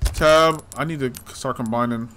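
Man, casual gaming commentary, self-talk, teasing, frequent swearing, average pitch. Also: moderate pace, a bit bright, slight background noise. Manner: talks to himself and the game hero, swears often, teasing. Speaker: gameplay streamer.

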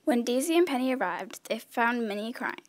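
A woman reading a children's story aloud in a clear, measured storytelling voice. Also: on the high side, expressive, noisy background. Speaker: storybook reader.

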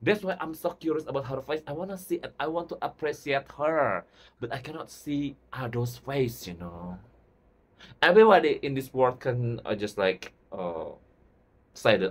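An excitable YouTube host reacting to a music video with breathless enthusiasm. The speech is loose, non-native English, packed with "like" fillers and repeated "oh my God". The pitch sits at a middle height. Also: normal speed, husky.

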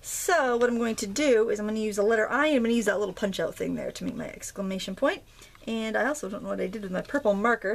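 Chatty woman from Maine, gravelly voice. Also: medium pitch, fast. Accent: light Maine. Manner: chatty, jokey, thinks aloud while working. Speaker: craft tutorial host. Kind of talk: casual craft demonstration.

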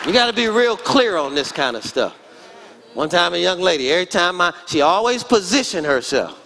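A man's voice: sits high, sing-song, a little fast, bright, forceful tone, some chatter behind, slight background noise. A pastor in his forties preaching a sermon in church, emphatic and calling out to the congregation. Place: church sanctuary.

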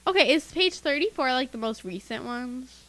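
A woman's voice: high voice, expressive, moderate pace, fairly bright tone, rough recording. A teenage girl co-hosting a kids' tech podcast, chatty and giggly, reading listener emails aloud with her own asides. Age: teens. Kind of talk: casual podcast chat.

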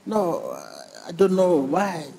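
Male preacher, higher voice, slow deliberate delivery, repeats key words for emphasis, long hall reverb. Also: vocal fry, warm tone, slight background noise. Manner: emphatic and repetitive, drawing the congregation in. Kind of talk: sermon.

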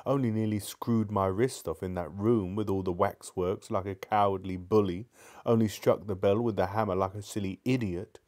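A man voicing a spirited, sharp-tongued young girl who talks primly and sarcastically, in a live book reading. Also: on the low side, lightly acted. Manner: prim, sarcastic.

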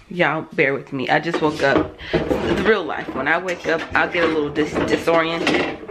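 Woman, whispered chatter, gravelly fry, noisy phone recording, close to the camera. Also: on the low side. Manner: whispering softly so the kids sleep; chatty, rambling, self-conscious. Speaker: vlogger, mother of four. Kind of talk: casual morning vlog chat. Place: dark home kitchen.

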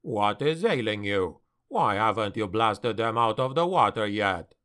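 A man voicing a gruff, grim male dwarf warrior who speaks curtly and scornfully, for an audiobook. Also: lowish voice, animated, a little slow, a bit bright, voice pushed down. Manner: growling, curt, scornful.

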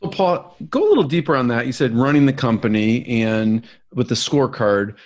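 This is a male host who asks probing follow-up questions and keeps nudging the guest to go deeper. He sits a little back from the mic, so his voice sounds slightly distant. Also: animated, a little fast. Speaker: podcast host. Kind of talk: interview questions.

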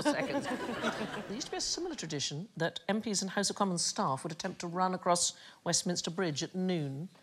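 A woman hosting a comedy panel quiz, explaining odd facts in a teasing storytelling way. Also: low voice. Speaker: quiz show host. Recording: studio with audience noise.

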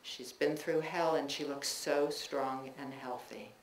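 Reading her own personal essays aloud to a live crowd in a bookstore, a woman with a deep voice and little pitch movement sounds measured and reflective. Casual asides fill the gaps between pieces, and her voice echoes in the room over a faint ambient hum.

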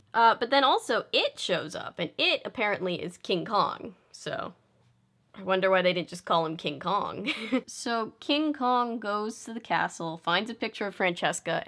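A young woman vlogger giving casual, sarcastic film commentary, joking and laughing often. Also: mid-range voice.

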